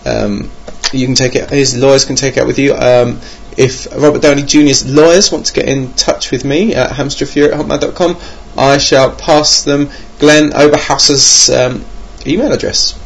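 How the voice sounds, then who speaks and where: A man's voice: medium pitch, fairly even intonation, moderate pace, creaky, few pauses, slightly rough. A young man hosting a board game podcast alone at his computer, rambling and self-mocking with many ums. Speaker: podcast host. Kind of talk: casual podcast monologue. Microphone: home computer mic.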